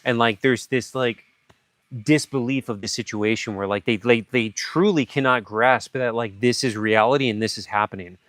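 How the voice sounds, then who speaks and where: A man hosting a livestream, telling a story casually and acting out sound effects and shouted lines. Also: medium pitch, normal speed, dry recording, studio quality. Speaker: livestream host.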